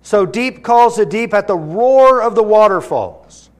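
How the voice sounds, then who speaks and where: A man preaching a sermon, reading scripture aloud with rising force and dropping low and quiet to stress key words. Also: lively intonation, a little slow. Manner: earnest, rises in pitch and volume when reading scripture, drops low for emphasis. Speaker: pastor.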